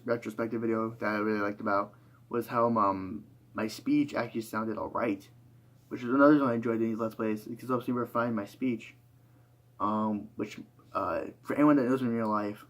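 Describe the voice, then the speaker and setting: A tired young man talking through a rambling, reflective monologue, full of fillers and restarts. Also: fairly low pitch. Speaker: YouTuber.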